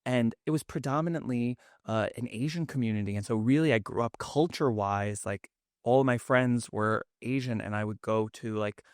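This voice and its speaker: A man's voice: mid-range voice, moderate pace, darkish tone, clear, resonant tone, dry recording, studio quality. A man in his thirties with a New York Queens accent, a cookbook author chatting as a podcast guest in an effusive way. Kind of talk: casual podcast chat.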